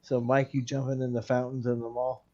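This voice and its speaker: A man's voice: medium pitch, little pitch movement, a little fast, warm tone. A man chatting as a guest on a live stream, teasing the others with pointed questions. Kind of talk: casual chat. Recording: slightly dull lo-fi stream audio.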